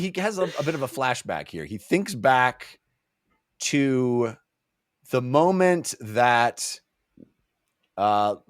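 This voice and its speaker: A man co-hosting a casual book club podcast, animated and jokey, acting out scenes as he recaps them. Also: mid-range voice, no room sound, clean studio sound.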